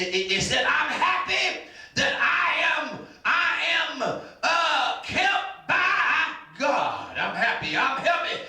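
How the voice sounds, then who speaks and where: A male pastor preaching a sermon with fervent shouting and half-sung lines, often stumbling over repeated starts. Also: very high voice. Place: church sanctuary. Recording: very echoey room, mic at a distance.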